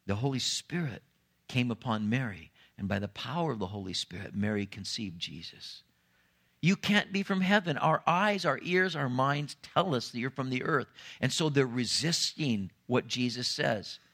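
Male pastor, mid-pitched, animated sermon delivery that drops soft and rises emphatic. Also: normal speed. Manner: animated preaching, swinging between soft low asides and raised emphatic lines.

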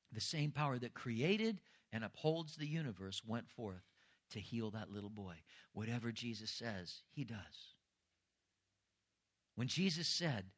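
A middle-aged man preaching a sermon as pastor, earnest and rising to emphatic intensity. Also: mid-range voice.

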